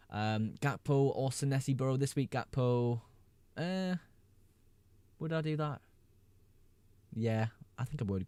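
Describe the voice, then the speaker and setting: A man hosting a casual fantasy football live stream, reading viewer questions aloud, answering them quickly and laughing often. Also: medium pitch, warm tone, no room sound.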